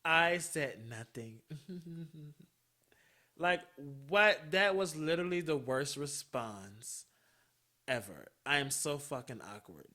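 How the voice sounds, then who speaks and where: A male podcast host tells a personal story in a loose, chatty monologue. His voice has a very bright, sharp edge, and he takes his time, drawing out words. He swears freely and laughs along as he talks. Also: fairly high pitch, animated, takes it slowly.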